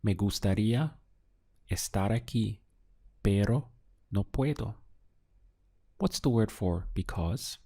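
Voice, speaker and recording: A man whose first language is Spanish, giving a slow audio language lesson and drilling phrases with patient pauses. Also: lowish voice, lively intonation, warm tone, husky. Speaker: Spanish tutor.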